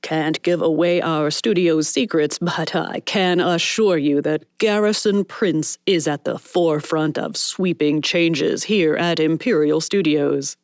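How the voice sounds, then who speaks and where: A woman narrator voicing a pushy, blustering male studio boss who talks in a booming, showy way. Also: a little slow, few pauses, no room sound. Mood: boastful.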